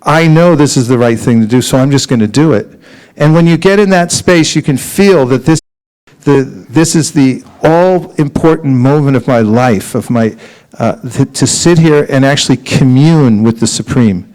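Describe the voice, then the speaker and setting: A man giving a lively, humorous devotional talk at a temple and leading group chanting. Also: medium pitch, moderate pace, low-quality recording. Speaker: spiritual teacher.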